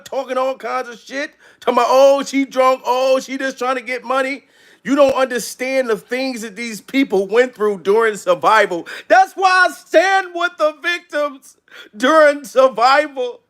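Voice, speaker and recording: A man's voice: extremely high pitch, a bit bright. A man doing comedic gossip commentary in an over-the-top style, full of repeated catchphrases and mock-dramatic bits. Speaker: commentary vlogger.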